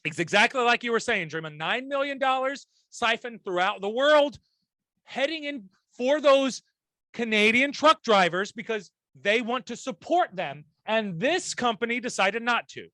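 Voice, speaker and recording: A man's voice: very high-pitched, animated, normal speed, sharp tone, no echo. A young man co-hosting a casual podcast, joking around in crude slang and reading news aloud. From United States. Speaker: co-host.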